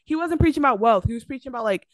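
A woman's voice: fairly high pitch, expressive, rapid-fire, no echo. A young woman co-hosting a podcast in casual chat, talking animatedly and arguing her point with lots of fillers and restarts. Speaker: podcast co-host.

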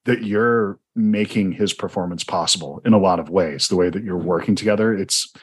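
A husky, low-voiced man from Georgia speaks at a normal pace with a Southern American accent. He hosts a film podcast and chats eagerly in a conversational interview, often rambling and restarting his sentences.

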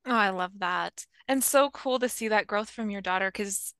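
A woman hosts a casual interview, chatty and affirming toward her guest. Her voice is bright and forward, with plenty of vocal fry. The sound is dry, with no room echo. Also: medium pitch, normal speed. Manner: warm, affirming and chatty with laughs. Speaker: podcast host.

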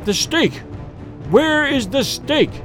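Guy doing a furious stern dad shouting orders, voice jumping all over. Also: a little high, very animated, measured pace, faint music behind. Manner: fierce, commanding shouts. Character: grief-stricken, stern Serbian family head.

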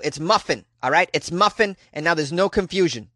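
A man's voice: on the high side, lively intonation, brisk, pushed and bright. A man hosting a comedy news podcast, reading odd stories with wry, jokey asides. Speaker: podcast host.

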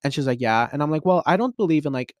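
20 yr old guy rambling on his podcast, says like a lot, jumpy excited pitch, dry close sound. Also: rapid-fire, dry recording. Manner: rambling, full of "like" and restarts. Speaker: podcast host. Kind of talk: casual solo monologue.

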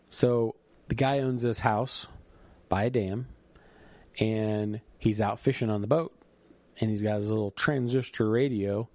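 A middle-aged man hosting a solo podcast, speaking earnestly and reflectively as he tells a story. His voice sits at an ordinary pitch with a dry, close sound. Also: a little mellow, dry recording. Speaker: podcast host. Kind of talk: casual solo podcast monologue.

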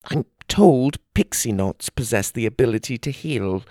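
A man's voice: mid-range voice, animated, a little slow, mellow, dry recording, studio quality, natural voice. A man doing a shaky, timid fairy husband. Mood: pleading. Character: shaky, humble fairy man, pleading for his wife.

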